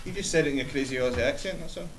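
A man's voice: medium pitch, rapid-fire, a crowd in the background. A male science teacher giving a classroom lesson, explaining step by step and checking in with the class. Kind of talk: classroom instruction. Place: school classroom. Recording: echoey classroom, mic far off, faint hiss.

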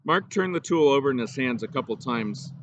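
A man reading a children's novel aloud in steady, measured storybook narration. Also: medium pitch, dull audio. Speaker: audiobook reader.

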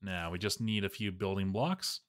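A man's voice: deep voice, normal speed. A man giving casual, rambling and playful commentary while he plays a game, chatting to his viewers.

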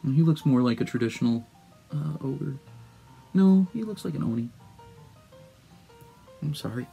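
A woman's voice: low voice, animated, a little slow, vocal fry, mellow, slightly rough, faint music behind. A woman co-hosting a casual card-opening video, dry and teasing with her partner. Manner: dry, teasing, drops into goofy sing-song bits. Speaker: co-host. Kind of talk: casual chat.

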